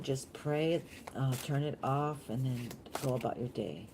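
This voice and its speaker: A woman's voice: low voice, background noise. A woman giving a chatty, meandering live tarot reading, easily delighted and talking straight to her viewers. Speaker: tarot reader.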